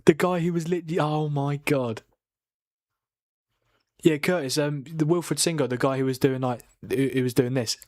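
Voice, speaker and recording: A man hosting a late-night football watchalong from home, excitable and laughing, swearing as he reacts to the match. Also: fairly high pitch, moderate pace, dry recording, clean studio sound. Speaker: watchalong host. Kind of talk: live football watchalong commentary. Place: home at night, keeping quiet.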